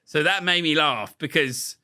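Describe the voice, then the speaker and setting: This man, a guest on a podcast, has a fairly high voice and a measured pace. Over the casual interview he brags and talks crudely with plenty of swearing, mimicking others in animated voices whenever his stories call for quotes.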